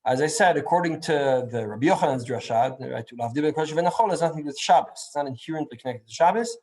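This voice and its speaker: A man's voice: on the high side, lively intonation, quick pace, a little mellow. A man giving a Torah class, thinking aloud with frequent restarts and asking "right?" to check in with his listeners. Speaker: Torah teacher.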